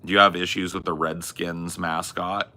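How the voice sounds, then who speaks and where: A man's voice: low-pitched, level tone, moderate pace, pushed and bright. A man hosting a talk podcast, arguing his opinions emphatically with casual swearing. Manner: emphatic, swears, acts out quoted voices. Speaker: podcast host.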